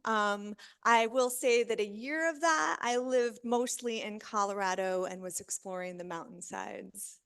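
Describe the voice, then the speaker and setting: A woman's voice: mid-range voice, unhurried, creaky, few pauses, a bit bright, smooth. A woman in her thirties from Missouri, giving a casual, upbeat talk to an audience and laughing often.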